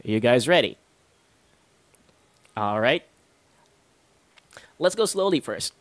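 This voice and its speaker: A man's voice: mid-range voice, very animated, takes it slowly, long pauses, dry recording. A man teaching English pronunciation in a chatty, self-deprecating way, close to the microphone. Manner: chatty, self-deprecating, refers to himself in third person. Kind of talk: online pronunciation lesson.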